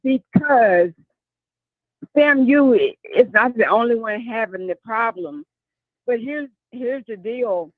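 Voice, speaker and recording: A female caller talks slowly and deliberately over a muffled, phone-like line. Her voice sits fairly high, and her speech has some hesitant pauses. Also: expressive, no echo. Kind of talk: call-in comment.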